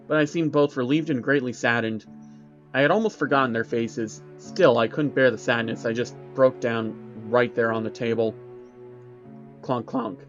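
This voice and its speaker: A man's voice: medium pitch, a bit bright. Man narrating a horror story over music. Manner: dramatic, tense, storytelling delivery. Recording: dull recording with background music.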